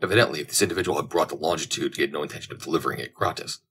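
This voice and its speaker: A man reads a classic adventure novel aloud as an audiobook, measured and descriptive. His voice is very deep and has a husky grain. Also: bright, forceful tone. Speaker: audiobook narrator. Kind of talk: audiobook narration.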